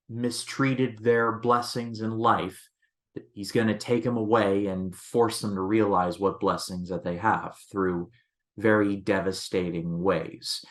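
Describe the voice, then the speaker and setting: A man's voice: fairly low pitch, a bit bright. A man hosting a movie review channel, talking casually and rambling, often restarting and leaning on filler words. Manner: rambling, leans on "basically" and restarts.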